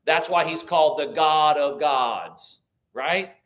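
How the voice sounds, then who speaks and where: Slow and a little high, with a fairly bright tone, a man's voice guides a church Bible class through conversational teaching. He reads scripture, questions the group, and restarts as he thinks aloud.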